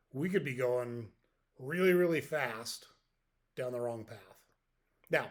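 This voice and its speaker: Middle-aged man giving a reflective motivational talk. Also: medium pitch. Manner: reflective, explains step by step; folksy, tells jokes as examples. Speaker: podcast host.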